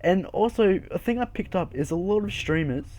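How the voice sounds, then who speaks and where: A man's voice: sits high, animated, moderate pace, a little mellow, slight background noise. A young man hosting a casual game video, chatty, rambling and jokey as he walks through his build. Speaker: Minecraft server video host. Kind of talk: casual gameplay commentary.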